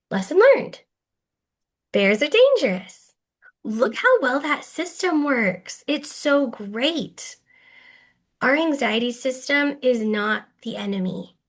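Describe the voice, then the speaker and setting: Lively, playful woman teaching a workshop. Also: a little high. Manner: lively, playful, chatty, emphatic. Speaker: clinical trainer. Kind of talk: virtual workshop lecture. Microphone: video call.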